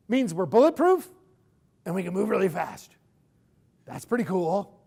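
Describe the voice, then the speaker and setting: Animated woman teaching a lecture. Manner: animated, emphatic, with big swings in pitch and loudness. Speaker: instructor.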